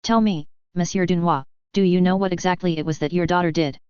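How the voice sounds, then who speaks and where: A reader doing a calm young ex-pilot. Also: mid-range voice, fairly quick, clear, resonant tone, no room sound, dull audio, lightly acted. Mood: composed. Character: calm, determined young Japanese ex-pilot man.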